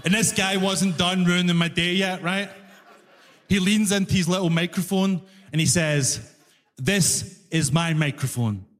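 A Glaswegian man performing stand-up on a big hall stage, acting out both sides of his story. His voice sits fairly high, and the long reverb of the venue trails behind every line. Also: fairly even intonation, moderate pace, a bit bright. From Scotland. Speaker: stand-up comedian. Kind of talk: stand-up comedy set. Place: large concert hall stage.

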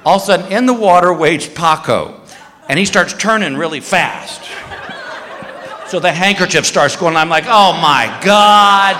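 A male stand-up comedian telling a story in an animated way, shouting sound effects. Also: on the high side, moderate pace, slight background noise. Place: comedy stage before a live audience. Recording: live hall reverb, faint ambience.

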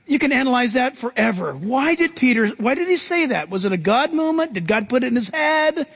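A man preaching with a very high voice, reading scripture and breaking into playful acted-out lines. His voice carries a long reverb, as in a large hall. He swings from soft, low asides to bright, excited bursts. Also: brisk, hardly any pauses, slightly rough. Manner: animated preacher, acts out Bible voices with big pitch jumps. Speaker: pastor. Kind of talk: sermon.

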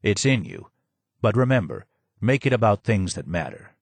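A man reading the lines of a courteous elderly novelist in a soft, measured, polite voice. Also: fairly low pitch, sing-song, no room sound.

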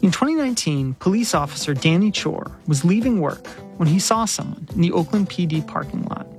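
Measured woman reporter narrating. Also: fairly low pitch, expressive, over music. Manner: measured, clear storytelling. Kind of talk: scripted radio narration.

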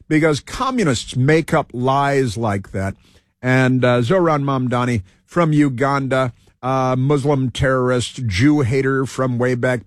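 A male talk show host who rambles through a heated political monologue, stumbling over fillers and restarting his sentences. His voice sits at an ordinary middle pitch. The sound is dry and close, with no room around it. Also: no room sound.

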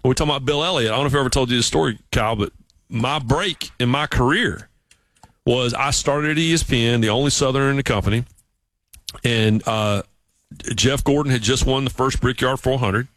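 A man with a Southern accent hosts sports radio, telling stories in an animated, chatty way. His voice sits in a middle range. The sound is close and dry, with no room around it. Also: medium pitch, brisk, no room sound. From South Carolina, US. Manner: animated storyteller, mimics voices. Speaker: radio sports show host. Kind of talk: casual radio chat and storytelling. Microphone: studio mic.

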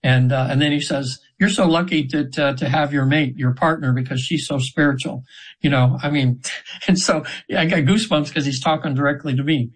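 Speaking at normal speed with fairly even intonation, this man has a voice on the high side, captured in a low-quality recording. A 70-something hypnotherapist and interview guest, he casually relates his session stories, earnest and meandering, restarting frequently.

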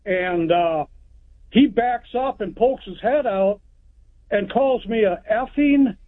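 A Texas man calls in to a radio show and slowly spins a long, rambling story, going through events step by step in plain language. His voice is high, and it comes through a tinny phone line.

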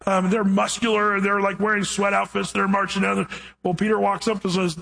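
A man preaching with an easygoing, conversational manner, slowing down to read scripture aloud. His voice sits high for a man and carries a husky, slightly breathy edge. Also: fairly even intonation, fairly bright tone. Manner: casual storytelling preacher, reads scripture slowly. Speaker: pastor. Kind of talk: sermon.

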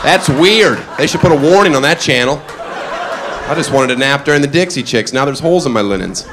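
A man doing a stand-up comedy set, mostly deadpan one-liners broken by sudden loud shouted character voices. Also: on the high side, moderate pace, noisy background. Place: comedy club stage before a live audience. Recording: live club recording with loud crowd.

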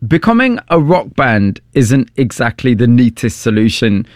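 A man narrates and presses his guest with steady, probing questions. His pitch sits in the ordinary middle for a man. The recording is close and dry, with no room sound. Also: moderate pace, dry recording. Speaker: interviewer and narrator. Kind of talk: documentary-style narration and questions.

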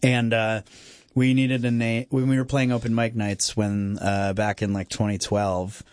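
A man's voice: lowish voice, little pitch movement, a little slow, darkish tone, dry recording, clean studio sound. A man being interviewed on radio about his band, chatty and rambling with lots of fillers and laughs. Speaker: band frontman guest.

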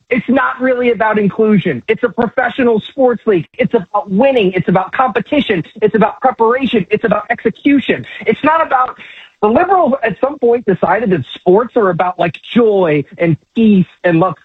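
A man's voice: high-pitched, slightly rough, no echo. A man calling in as a guest commentator, talking emphatically and sarcastically in a fired-up opinion rant. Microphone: phone line. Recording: tinny phone line, dry.

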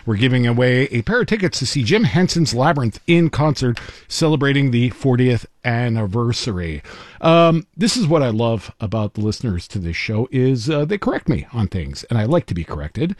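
A man's voice: medium pitch, big pitch swings, moderate pace, dry recording, clean studio sound. A man hosting a live radio trivia show, bantering with his co-host and taking callers with easygoing self-deprecating humor.

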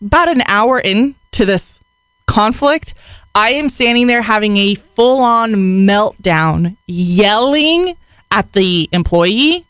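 A woman telling a story on a chat show, expressive and quick to laugh. Her voice sits a little high and moves a lot in pitch. The sound is dry and close. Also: clean tone, no room sound.

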